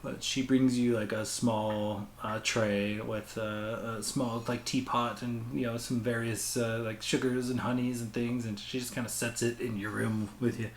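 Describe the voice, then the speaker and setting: Man, game master, rambling relaxed narration, faint room hum behind. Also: medium pitch, moderate pace, few pauses. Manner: relaxed, rambling, casual swearing.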